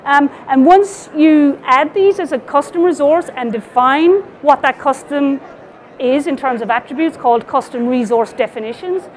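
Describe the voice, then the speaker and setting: A woman's voice: high voice, moderate pace. A woman with an Irish accent giving a casual, explanatory technical talk with slides, with fillers and restarts. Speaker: conference speaker.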